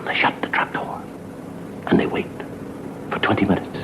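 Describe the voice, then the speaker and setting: A middle-aged man, a comedian and host, telling a spooky tale slowly and dramatically, dropping to a hush in places, on a dull, hissy old TV recording. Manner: slow, dramatic, hushed in places. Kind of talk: theatrical storytelling.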